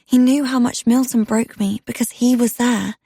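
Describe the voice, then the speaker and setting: A woman narrating a dark romance audiobook in the first person, telling it with intimate tension. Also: fairly high pitch, steady tone, moderate pace, vocal fry, breathy edge, dry recording, studio quality.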